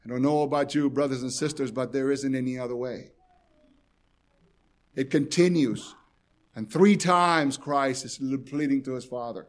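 A man's voice: medium pitch, moderate pace. A man preaching a sermon, speaking with pleading intensity and addressing his listeners directly, repeating phrases for emphasis. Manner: pleading, rising and falling in intensity.

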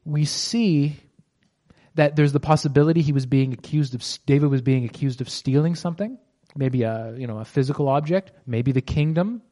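A man giving a conversational Bible teaching, reading scripture slowly and explaining it with casual fillers and restarts. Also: fairly high pitch, mellow.

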